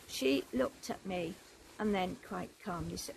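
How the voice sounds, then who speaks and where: Woman, older, church warden, earnest testimony, gravelly, noisy recording. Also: medium pitch, lively intonation, a little slow. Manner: gentle, earnest storytelling. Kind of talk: personal testimony.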